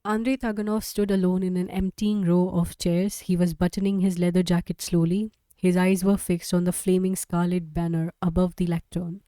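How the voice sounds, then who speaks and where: A woman's voice: lowish voice, level tone, moderate pace, few pauses, mellow, dry recording. A woman reading a novel aloud on a live stream. She reads steadily, sometimes stumbles and corrects herself, and gives the characters' dialogue light changes of tone. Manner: reads aloud with small slips and self-corrections. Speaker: audiobook reader.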